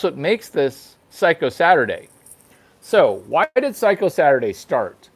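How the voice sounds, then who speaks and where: This man runs his own show, delivering provocative, crude comedy that circles back on itself again and again. He talks a little slowly in a high, sing-song voice into a single microphone, with no sound effects.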